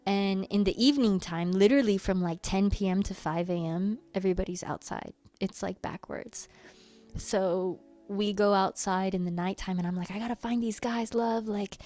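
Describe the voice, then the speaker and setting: A young woman hosting a workshop, telling a playful story in a casual, animated way and acting out the people in it. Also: mid-range voice, moderate pace, soft background music. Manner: animated, playful, slips into quoted voices and humming. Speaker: workshop host.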